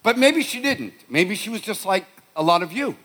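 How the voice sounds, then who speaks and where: Here a middle-aged man speaks in a high, sing-song voice at a moderate pace, with a slightly bright quality. He's a pastor from Boston, USA, with the local accent, giving a conversational storytelling sermon and often restarting what he says.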